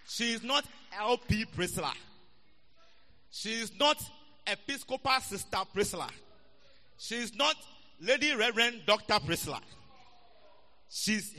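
Bright-voiced preacher in an echoey hall. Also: male voice, high voice, animated, a little slow, long pauses, a little hiss or hum. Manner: playful, teasing, repeats phrases for emphasis. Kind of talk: sermon. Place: church hall.

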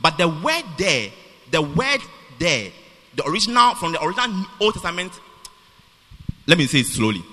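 A man's voice: fairly high pitch, very animated, moderate pace, pauses often, bright, forceful tone, a little hiss or hum. A man preaching a sermon in a church, emphatic and repetitive, restarting phrases as he drives his point home. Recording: long reverb of a church hall.

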